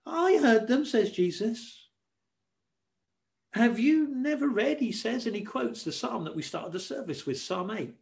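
Animated high-voiced male preacher. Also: a little slow, creaky. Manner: expressive, acts out quoted voices and shushing. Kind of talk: sermon.

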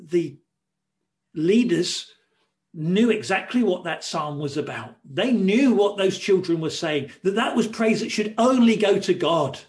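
A man preaching a sermon, expressive and varied, acting out quoted voices and shushing as he tells the story. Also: high voice.

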